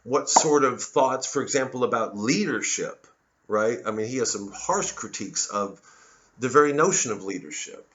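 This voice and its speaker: A man's voice: medium pitch, expressive, moderate pace, fairly bright tone. Sardonic rambling male comedian, lo-fi. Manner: sardonic, digressive, slips into voices. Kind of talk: rambling satirical monologue. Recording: dull lo-fi audio.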